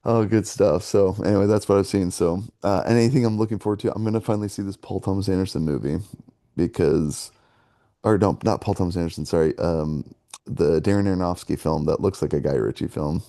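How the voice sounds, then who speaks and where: A man with a low, gravelly voice and a dark, mellow tone talks casually as a podcast co-host. He rambles from one thought to the next and laughs often. The sound is close and dry. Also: fairly quick, no room sound. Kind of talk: casual movie review chat.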